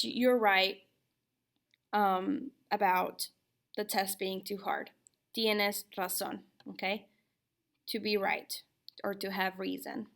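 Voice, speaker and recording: Patient female teacher, unhurried lecture delivery, a bit of fry in the voice. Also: mid-range voice, fairly bright tone. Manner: slow and patient, checks in with "okay?". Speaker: Spanish teacher. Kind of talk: recorded classroom lecture.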